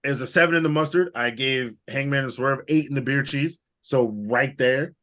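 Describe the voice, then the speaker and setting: Man, podcast co-host, casual chat, curses freely, animated and rambling, mid-pitched voice. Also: moderate pace. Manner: animated, profane, rambling banter.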